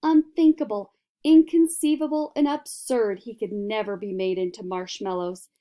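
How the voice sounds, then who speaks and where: A woman's voice: mid-range voice, steady tone, normal speed, dark tone, close to an everyday voice. A woman reading a storybook aloud and voicing an eccentric, cheerful man who makes sweets, speaking in an airy, theatrical way. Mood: breezy. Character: eccentric cheerful male candy maker, giggly.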